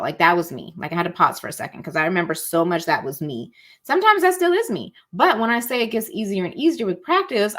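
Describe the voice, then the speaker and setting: A woman teaching a masterclass as a life coach, chatty and encouraging, calling her listeners y'all and acting out inner thoughts in quoted asides. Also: on the low side. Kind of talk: casual teaching talk.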